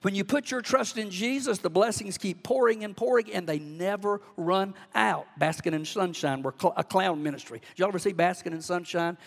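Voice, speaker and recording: A man's voice: high voice, moderate pace, creaky, hardly any pauses. A male pastor with a Southern US accent, preaching a sermon in a folksy, fervent manner in a church. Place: church sanctuary. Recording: long church hall reverb.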